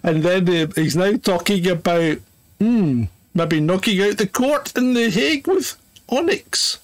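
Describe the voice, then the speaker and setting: A man's voice: sits high, lively intonation, a little slow, no room sound. A man co-hosting a podcast in casual chat, opinionated and laughing often. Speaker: podcast co-host.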